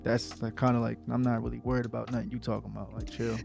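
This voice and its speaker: Slangy man with a gravelly voice. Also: mid-range voice, flat delivery, fast, over loud music. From New Jersey. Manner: laid-back, repeats himself, slangy. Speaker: podcast co-host. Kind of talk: casual chat.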